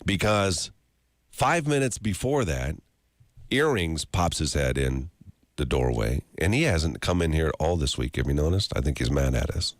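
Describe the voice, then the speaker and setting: A man's voice: very deep voice, moderate pace, dry recording, studio quality. A man hosting a morning radio show, telling stories and joking in casual banter. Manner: storytelling, animated and joking. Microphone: studio microphone.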